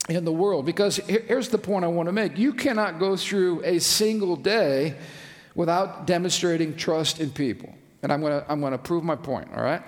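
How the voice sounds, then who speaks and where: A middle-aged male pastor preaching a sermon to his congregation in a conversational, joking way, often asking the room questions. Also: sits high. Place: church sanctuary with congregation. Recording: long hall reverb.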